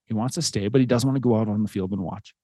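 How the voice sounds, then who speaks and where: A man's voice: lowish voice, very fast, mellow, no echo. A man in his thirties, a podcast host, telling a personal story in an earnest, conversational way with fillers. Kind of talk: casual storytelling.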